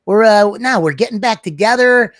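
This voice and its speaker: A man's voice: high-pitched, moderate pace, a bit bright, no echo, clean studio sound. A man co-hosting a comedy podcast, rambling loosely with lots of "you know" and "man". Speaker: podcast co-host. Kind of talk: casual comedy podcast banter.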